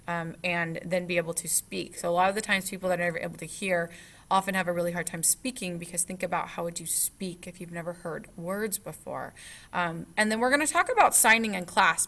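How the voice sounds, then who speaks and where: Bright-voiced woman teacher, chatty lecture. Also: on the low side. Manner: conversational, many fillers and restarts. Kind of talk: recorded slide lecture.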